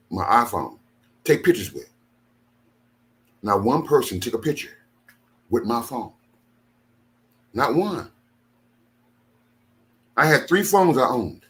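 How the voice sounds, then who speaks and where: An older man, a ministry leader, venting angrily and repetitively from his studio, tired after a sleepless night. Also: lowish voice. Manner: aggrieved, repetitive, emphatic. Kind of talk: angry venting monologue. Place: home studio.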